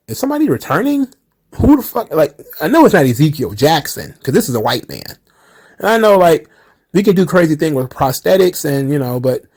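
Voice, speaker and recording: A man's voice: fairly high pitch, darkish tone. A man hosting a casual solo wrestling commentary, rambling and swearing loosely and laughing often at what he describes.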